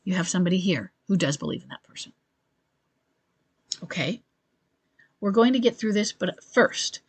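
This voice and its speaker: A woman's voice: lowish voice, animated, normal speed, vocal fry, pauses often, breathy edge. A woman who coaches couples, talking through a listener's question about rebuilding a marriage. She speaks earnestly and reassuringly, often checks in with "okay?", and thinks aloud with restarts. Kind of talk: advice monologue to camera.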